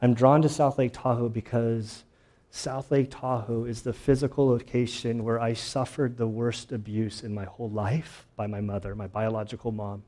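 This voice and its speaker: A man's voice: mid-range voice, mellow. Earnest male pastor preaching a sermon. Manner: earnest, personal storytelling, voice breaking with emotion.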